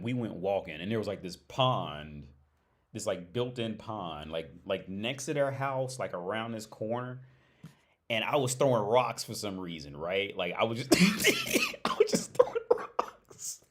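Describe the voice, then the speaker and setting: A man's voice: on the low side, huge pitch swings, measured pace, a bit bright. Laughing, rambling man telling stories. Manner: rambling, laughing often, swearing, lots of "like" and "right?". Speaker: livestream host. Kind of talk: casual storytelling on a livestream.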